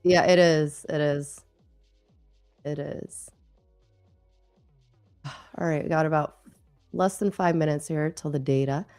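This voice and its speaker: A woman co-hosting a live trading stream, relaxed and giggly, chatting about market data. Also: deep voice, takes it slowly, long pauses, clean tone, no room sound, faint music behind. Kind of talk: casual trading chat.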